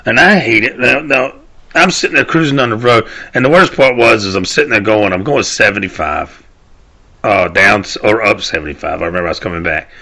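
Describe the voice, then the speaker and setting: A man's voice: lowish voice, brisk, sharp tone. A man, hosting a casual rant show, rambling and cursing as he laughs at his own stories. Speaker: podcast host. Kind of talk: casual ranting monologue.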